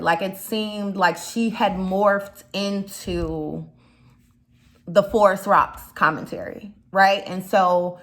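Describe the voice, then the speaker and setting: A young woman with a slight Chicago accent chats through a casual commentary vlog. Her voice is bright and forward, sitting at an average pitch, and she rambles with plenty of fillers and side remarks. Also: fairly even intonation, takes it slowly. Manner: chatty, rambling, lots of fillers and asides. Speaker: YouTube commentator.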